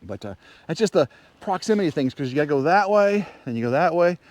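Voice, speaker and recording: Excitable man rambling outdoors. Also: fairly high pitch, fast talker, no room sound. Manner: excitable, chatty, wanders between thoughts. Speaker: vlogger. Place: outdoors in snowy windy woods. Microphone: handheld camera.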